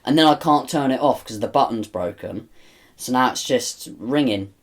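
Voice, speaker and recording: A man's voice: mid-range voice, normal speed. A man co-hosting a podcast, rambling in exasperation and swearing freely in casual chat. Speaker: podcast co-host.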